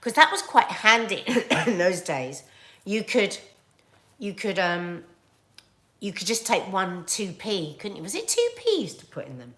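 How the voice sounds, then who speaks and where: A middle-aged woman with a British accent, hosting a casual livestream chat and telling stories in an animated, chatty way. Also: mid-range voice, a little slow. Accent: British English. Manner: animated, chatty storytelling with laughs and asides. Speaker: livestream host reading viewer comments.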